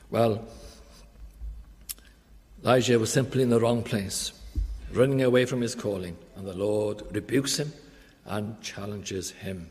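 A man preaching a sermon in an earnest, emphatic way, slowing down to stress key phrases. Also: on the low side, a little mellow, big-room sound.

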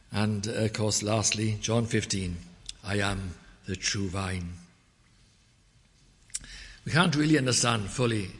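A man preaching a measured expository sermon, quoting scripture in old English wording. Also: fairly low pitch, fairly bright tone. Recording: long reverb of a church hall.

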